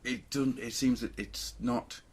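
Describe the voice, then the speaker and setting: A man's voice: mid-range voice, fairly even intonation, a little slow, husky. A man co-hosting a podcast in casual chat, rambling and joking with plenty of fillers. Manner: rambling, jokey, lots of fillers. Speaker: podcast co-host.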